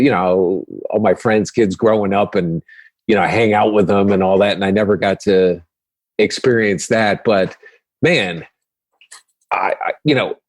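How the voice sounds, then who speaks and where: A man's voice: lowish voice, no echo. A man who is a comedian guest on a podcast, talking in a reflective, rambling way, full of "you know"s. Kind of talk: casual chat.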